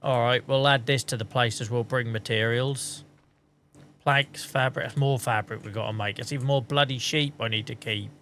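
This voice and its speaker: A man's voice: mid-range voice, steady tone, normal speed, fairly bright tone, slight background noise. Chatty, swearing man streaming. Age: adult. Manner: chatty, swearing, joking, mutters while playing. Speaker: streamer playing a farming game. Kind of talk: casual live-stream chat.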